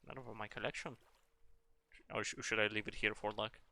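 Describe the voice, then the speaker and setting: A man's voice: fairly low pitch, steady tone, fast talker, creaky, bright, forceful tone. A man streaming a game and chatting casually in a rambling, sweary, joking way. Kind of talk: casual chat while gaming.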